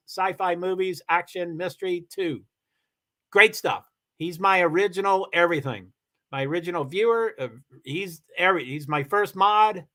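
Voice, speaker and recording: High-voiced rambling male streamer. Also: a bit bright. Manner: rambling, halting, with frequent restarts and laughs. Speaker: live streamer. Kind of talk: casual live stream chat, reading comments.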